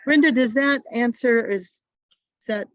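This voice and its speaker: A woman's voice: a little high, unhurried, no room sound. Woman trainer, chatty and advice-giving, over a dull lo-fi call line. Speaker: literacy tutor trainer. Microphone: video call.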